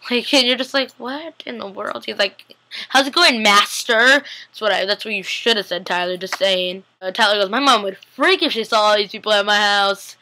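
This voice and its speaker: A young woman vlogger casually recapping a TV episode, chatty and giggly, acting out the characters' lines in quick voices. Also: medium pitch, sharp tone, low-quality recording. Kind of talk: casual chat.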